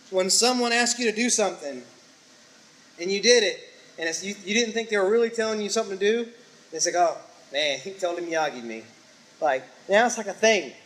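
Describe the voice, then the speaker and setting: Lively high-voiced preacher man. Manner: animated storytelling with acted-out quotes and sound effects. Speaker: pastor. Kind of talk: sermon.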